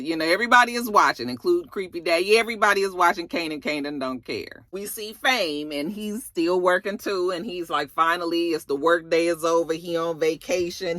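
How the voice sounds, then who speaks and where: A woman recapping a TV episode in a sassy, expressive, slangy casual style. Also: on the low side, no echo, clean studio sound. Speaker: TV show reviewer.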